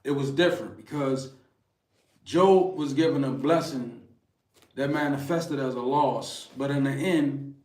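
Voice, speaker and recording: A man's voice: medium pitch, measured pace, a little mellow, distant mic. A man co-hosting a card reading stream, earnestly retelling a scripture story as a spiritual message. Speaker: card reader, co-host. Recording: roomy, off-mic with faint noise.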